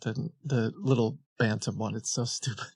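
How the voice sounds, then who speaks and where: A man hosting a podcast in casual chat, playfully acting clueless and deadpan while prank-calling a scammer. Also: mid-range voice, normal speed, breathy edge.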